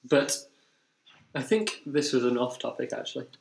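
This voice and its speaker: A man's voice: medium pitch, lively intonation, moderate pace, creaky. Rambling man in an echoey room. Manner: rambling, self-correcting, repeats phrases. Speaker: podcast co-host. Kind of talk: casual chat.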